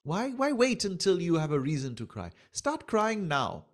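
Male astrology teacher, slightly high voice, animated lecturing that acts out little quoted exchanges. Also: normal speed.

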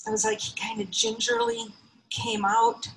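A woman in her fifties telling a personal story on stage, emotional and heartfelt, her voice often jumping high. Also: level tone, normal speed, gravelly, low-quality recording. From United States. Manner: emotional, heartfelt, with sudden high pitch lifts.

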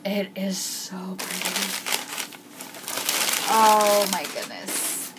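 Crafty woman gushing over an unboxing, slow talker, noisy home recording. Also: medium pitch. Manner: gushing, frequent gasps and exclamations. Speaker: crafting vlogger.

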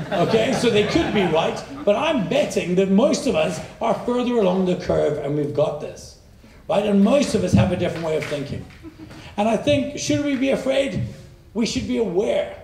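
A man giving an energetic, irreverent conference keynote, swearing casually and checking in with "right?" as he goes. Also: high voice, normal speed, creaky, a little hiss or hum. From South Africa. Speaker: keynote speaker. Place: large hall with live audience. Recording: roomy hall reverb.

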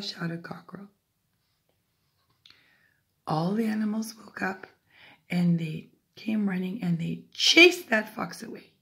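An older woman, a grandmother, reading a picture book aloud to a small child, gentle, with whispered asides. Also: medium pitch, a little slow, gravelly, long pauses.

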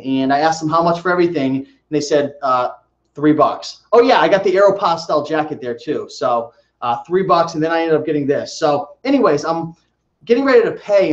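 A man with a fairly high voice talks straight to his viewers in a casual vlog, telling stories with animated energy. The recording is roomy and a little dull, with a lo-fi edge. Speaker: reseller vlogger. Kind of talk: casual vlog showing finds.

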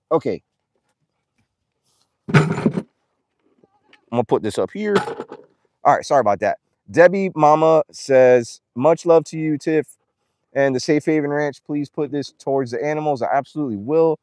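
A man's voice: medium pitch, darkish tone, no echo, studio quality. A young man livestreaming casually outdoors at an animal ranch, reading donor names and talking to the animals. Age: young adult. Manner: chatty, reads donor names aloud, coos at animals.

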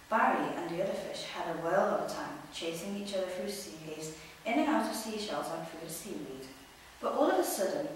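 A woman reads a children's story aloud, lively and expressive, her voice on the low side for a woman. The sound is very echoey and picked up from a distance, with faint background noise. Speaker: storybook reader. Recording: echoey room, distant mic.

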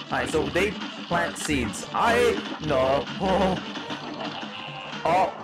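A man playing a demon hedgehog doing let's-play commentary, panicky and yelping, over loud game music. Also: fairly high pitch, expressive, drawn-out words, low-quality recording. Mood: frantic. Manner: panicky, yelps and repeats himself. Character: psychotic demon hedgehog, male, gaming. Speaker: gamer.

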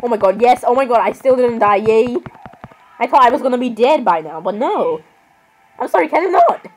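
Rambling young woman with a higher voice. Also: animated, a little fast, poor audio. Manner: rambling, exasperated, keeps apologizing. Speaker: gaming vlogger. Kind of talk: casual gaming commentary.

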